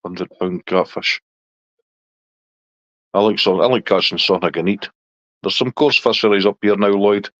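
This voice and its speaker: A Scottish man hosting a casual live chat with viewers in a relaxed, chatty way. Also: fast talker, dry recording. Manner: relaxed, chatty, talks to his dog in a high baby voice. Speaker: livestream host chatting with viewers. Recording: dull lo-fi dry sound.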